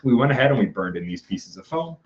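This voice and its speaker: A man's voice: mid-range voice, sing-song, fast talker. A young man chatting casually on a livestream while making a prop in an indoor workshop, self-deprecating and given to muttering and whispering to himself. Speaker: prop maker livestream host. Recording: muffled stream audio with faint noise.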